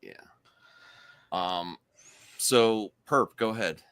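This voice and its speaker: A man hosting a casual movie panel chat, teasing and quick to interject. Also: lowish voice, fairly bright tone, clean tone. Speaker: host leading movie picks.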